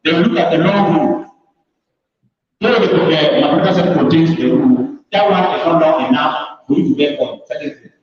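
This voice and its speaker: A man's voice: a little high, a little fast. Emphatic man speaking in an echoey hall. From Ghana. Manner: emphatic, repetitive, addresses students directly. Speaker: mathematics teacher. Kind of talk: orientation talk to new students. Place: large hall. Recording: echoey hall, distant mic, dull sound.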